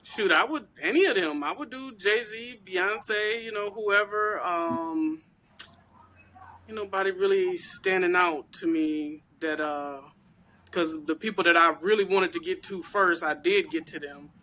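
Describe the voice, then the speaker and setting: A woman chatting as an interview guest, her tone bright and forceful. She talks in an animated, emphatic way, full of informal slang and easy asides. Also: fairly low pitch, unhurried. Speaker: guest, celebrity crafter. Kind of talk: casual interview chat.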